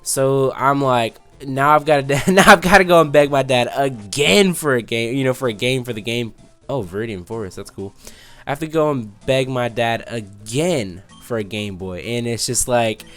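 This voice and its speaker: A man's voice: mid-range voice, moderate pace, a bit bright. Twenty-something guy doing a let's play, rambly and distracted, regular mid voice, bit of game music in the back. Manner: rambling, distracted, restarts mid-sentence while playing. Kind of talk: casual gameplay commentary with storytelling.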